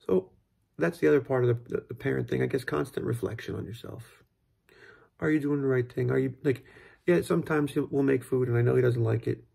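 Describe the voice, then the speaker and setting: A man's voice: medium pitch, brisk, gravelly, warm tone, husky. A man, a father, talking through parenting lessons in a casual, rambling, reflective monologue. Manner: rambling, thoughtful, full of fillers and restarts. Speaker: father sharing parenting tips.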